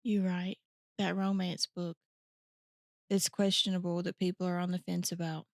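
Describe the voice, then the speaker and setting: A woman's voice: fairly low pitch, flat delivery, normal speed, creaky, no echo, studio quality. A woman co-hosting a podcast, chatting in a giggly, rambling, self-deprecating way. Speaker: podcast co-host. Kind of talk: casual chat.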